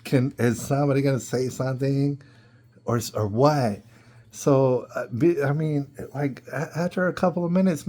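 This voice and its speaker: A man's voice: mid-range voice, normal speed, a little mellow. A man hosting a podcast, telling a casual story in an incredulous way, full of rhetorical questions and repeats. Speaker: podcast host.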